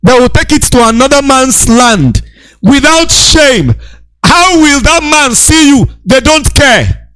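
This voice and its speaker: A man with a very high voice lectures with fervor, hammering the same points again and again and often raising his voice to a shout. The sound is dry, with no room around it. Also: very animated, slow, dry recording. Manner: preachy, repetitive, shouting rebukes. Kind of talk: impassioned lecture.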